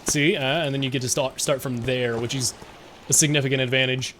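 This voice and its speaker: A man's voice: medium pitch, fairly even intonation, fairly quick, fairly bright tone, a little hiss or hum. A male streamer giving casual gameplay commentary, rambling and self-mocking with frequent laughs.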